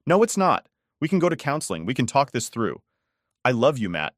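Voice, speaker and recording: Brief: a man doing a desperate wife, higher voice, shaky and pleading, close and dry. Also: very animated, fairly quick, no room sound, close to an everyday voice. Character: cornered cheating wife, adult woman, defensive and pleading.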